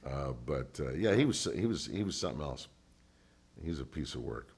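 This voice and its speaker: A man's voice: a bass voice, moderate pace, gravelly, slightly rough. An older man, a former radio DJ, telling stories in an oral history interview and acting out the voices of people he quotes. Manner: animated storyteller who acts out others' voices.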